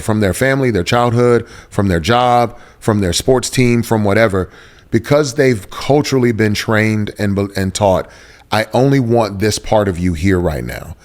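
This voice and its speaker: A man's voice: fairly low pitch, darkish tone. A man speaking as an interview guest, telling a personal story in an earnest, searching way and repeating phrases for emphasis. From Houston, Texas.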